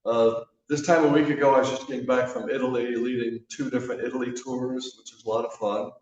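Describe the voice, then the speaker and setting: A man giving a sermon in a church, telling stories in a relaxed, conversational way with frequent fillers. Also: medium pitch, quick pace. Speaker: guest speaker. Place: church sanctuary. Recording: echoey church hall from a distance, dull.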